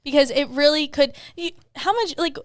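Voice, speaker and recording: A woman's voice: sits high, normal speed, dry recording, clean studio sound. A young adult woman co-hosting a podcast from home, chatting candidly and laughing often, with frequent swearing. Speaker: podcast co-host. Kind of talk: casual chat. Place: at home, children heard downstairs.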